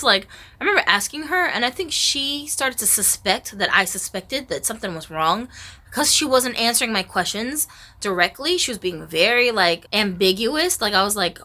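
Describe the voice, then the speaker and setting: A woman's voice: a little high, normal speed. A woman vlogger telling a personal story in a casual, chatty way, filling her talk with "like" and acting out the dialogue. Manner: casual and chatty, heavy use of "like"; animated, acts out quoted dialogue. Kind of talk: storytime vlog.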